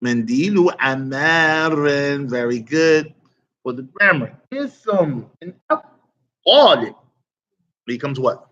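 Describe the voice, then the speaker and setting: A man's voice: a little high, expressive, slow pace, fairly bright tone, highs cut off. A man teaching an online Arabic grammar lesson, quizzing students and praising their answers with casual asides.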